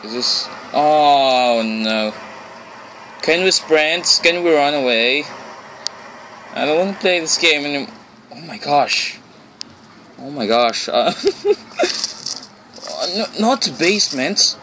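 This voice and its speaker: A man's voice: a little high, expressive, slow pace, pauses often, background noise. A man commenting on a horror game he plays alone in his room, jumpy and nervous, repeating himself and exclaiming. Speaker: let's play gamer.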